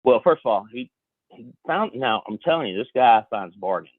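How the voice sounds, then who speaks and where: A man telling a folksy story as a podcast guest, talking in an animated way with frequent restarts. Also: medium pitch, moderate pace, dry recording, narrow, tinny audio. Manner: animated, folksy, self-interrupting. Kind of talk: casual storytelling.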